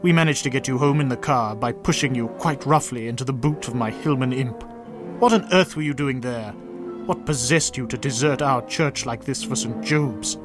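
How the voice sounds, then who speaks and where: A man's voice: mid-range voice, normal speed, music in the background, lightly acted. A man playing a stern, violent middle-aged father who speaks in a grave, clipped, menacing way.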